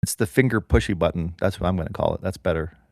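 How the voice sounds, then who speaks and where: A man's voice: deep voice, fast talker, gravelly, no room sound, studio quality. A man in his thirties co-hosting a podcast, chatting in a playful, jokey way. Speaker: podcast co-host. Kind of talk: casual chat.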